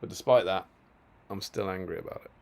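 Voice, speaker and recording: Brief: male co-host, lowish voice, relaxed banter, soft endings to sentences. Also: fairly quick, gravelly. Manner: laughs often, trails off quietly at the end of sentences. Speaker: co-host of a tabletop wargaming stream. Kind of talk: casual chat.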